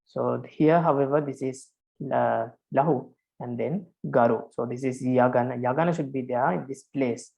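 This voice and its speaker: Male monk, lecturing on verse meter, patient, repetitive, many hesitant fillers, mid pitch. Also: normal speed, gravelly, darkish tone, low-quality recording. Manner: patient, repeats each point, frequent hesitations. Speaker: Buddhist monk teaching Pali.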